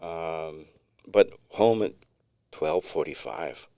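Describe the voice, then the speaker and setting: Deep-voiced middle-aged man telling stories. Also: slow, dark tone, clear, resonant tone, dry recording, clean studio sound. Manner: rambling, laid-back storyteller with many restarts. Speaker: podcast co-host. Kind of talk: casual storytelling chat.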